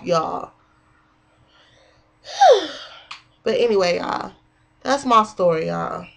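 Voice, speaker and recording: A woman in her twenties telling a story casually to viewers, cursing often and getting animated. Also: medium pitch, very slow, vocal fry, long pauses. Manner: profane, animated, addresses viewers as y'all.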